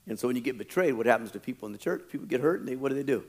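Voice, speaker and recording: A male pastor preaching a sermon, animated, often acting out quoted churchgoers. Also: mid-range voice, rapid-fire.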